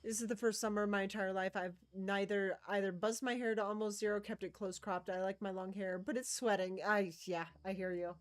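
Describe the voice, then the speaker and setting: A woman's voice: medium pitch, fairly even intonation, a little fast, hardly any pauses, no room sound. Chatty woman streamer thinking aloud. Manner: playful, adds silly sound noises; coos affectionately at game creatures. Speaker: streamer playing a video game. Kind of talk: casual live-stream commentary.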